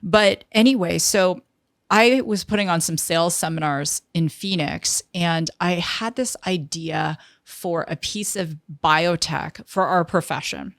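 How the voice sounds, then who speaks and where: Gravelly-voiced woman telling a story. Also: on the low side, a little slow, no room sound, clean studio sound. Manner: lively storyteller who acts out quoted dialogue. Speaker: interview guest, tech entrepreneur. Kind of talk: storytelling in an interview.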